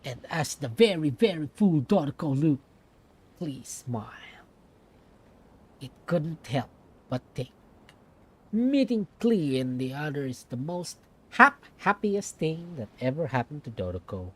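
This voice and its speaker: A woman's voice: deep voice, very animated, measured pace, husky. Playful woman streamer reading aloud. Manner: playful, self-mocking asides.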